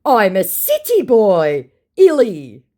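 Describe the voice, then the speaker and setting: A woman's voice: medium pitch, wildly swooping pitch, dark tone, voice pushed up, full character voice. A woman doing a cocky young scammer guy. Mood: boastful. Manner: slow, drawling pidgin-laced taunts. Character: young boastful male online scammer, cocky.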